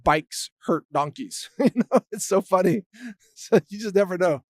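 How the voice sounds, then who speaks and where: Middle-aged male host, higher-pitched voice, dry close sound, chatty rambling storyteller who chuckles a lot. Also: expressive, measured pace, no echo. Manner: rambling, chuckling often, restarts. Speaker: show host. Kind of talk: casual anecdotal storytelling.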